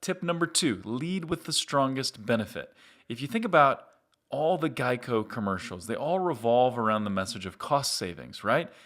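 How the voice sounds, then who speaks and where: Middle-aged male host, upbeat conversational tutorial delivery, mid-pitched voice. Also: very animated, normal speed, a bit bright. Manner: upbeat, conversational, direct to viewer. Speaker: marketing agency host. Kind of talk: explanatory marketing tutorial.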